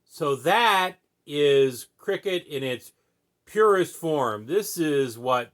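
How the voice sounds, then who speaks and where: An American podcast host with a fairly high, bright voice and lively intonation speaks slowly. He explains a sport in a casual, folksy way, sprinkling in lots of fillers and "right?" asides.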